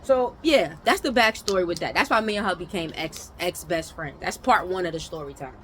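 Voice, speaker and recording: Lively young woman telling a story. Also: fairly low pitch, brisk, slight background noise, low-quality recording. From New York. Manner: animated, swings between loud outbursts and mumbled asides. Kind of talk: casual storytime monologue.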